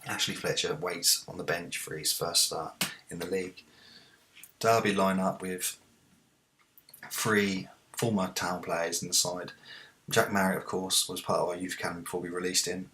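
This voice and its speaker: Man, deep voice, bright tone, let's-play commentary, excitable. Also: moderate pace, slight background noise. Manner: excitable, shouts at big moments. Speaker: gaming video host.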